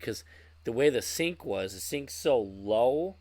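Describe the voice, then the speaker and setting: A man's voice: mid-range voice, animated, takes it slowly, a little mellow, dry recording. A man co-hosting a podcast in casual chat, swearing freely and acting out his own angry outbursts. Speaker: podcast co-host.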